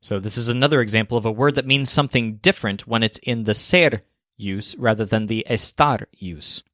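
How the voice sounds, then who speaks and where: A man narrating a scripted language lesson, explaining clearly and slowing down for example phrases. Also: fairly low pitch, a bit bright, dry recording, studio quality. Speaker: language teacher.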